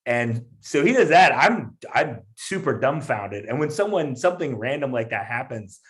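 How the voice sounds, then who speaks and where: Animated male comedian telling a story. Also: mid-range voice, moderate pace. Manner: animated, lots of fillers and restarts. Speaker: comedian guest. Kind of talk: casual podcast storytelling.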